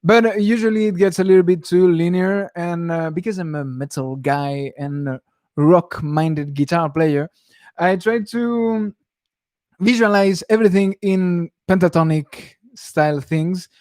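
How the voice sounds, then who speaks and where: A man's voice: high-pitched, a little slow, a little mellow, no echo, studio quality. A young man who teaches guitar, chatting casually on a live stream Q&A and rambling with frequent chuckles. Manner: rambling, self-interrupting, chuckles often.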